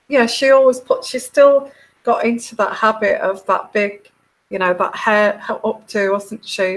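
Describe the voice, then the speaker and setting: A woman's voice: fairly high pitch, a bit bright, rough recording. A middle-aged woman with a British accent hosting a casual tarot livestream, chatting and reading out viewer comments in a meandering, hesitant way full of fillers.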